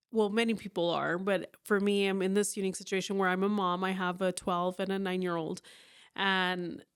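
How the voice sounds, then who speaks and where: Smooth-voiced woman around forty, candid and animated. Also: mid-range voice. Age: about 40. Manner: candid, animated, acts out her own thoughts in quoted asides. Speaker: business owner, guest. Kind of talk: casual interview talk.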